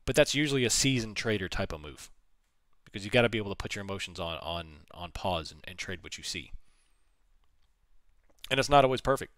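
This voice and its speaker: Hoarse, low-voiced man streaming trades. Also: animated, brisk, a bit bright, dry recording, clean studio sound. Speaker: trading livestream host. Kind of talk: casual livestream chat answering viewer questions.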